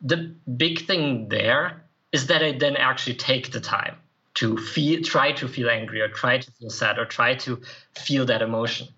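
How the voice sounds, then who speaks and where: A man's voice: medium pitch, moderate pace, pushed and bright, highs cut off. A man speaking as a podcast guest, a self-improvement writer and coach, answering earnestly and reflectively with the odd light laugh. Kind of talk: conversational interview answers.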